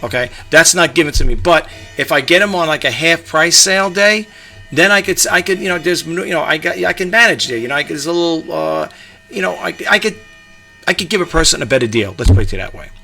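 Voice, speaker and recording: A middle-aged man from New York talks casually at home, his voice gravelly with fry. He rambles and restarts, full of fillers. His tone is bright and a touch high. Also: animated, a little fast, faint music behind. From New York, USA. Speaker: eBay reseller vlogger. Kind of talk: casual talk to camera. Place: home room with a grandfather clock.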